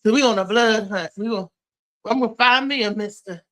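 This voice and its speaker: A woman hosting a casual live-stream chat at home, animated, with loud exclamations. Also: fairly high pitch, brisk. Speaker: host.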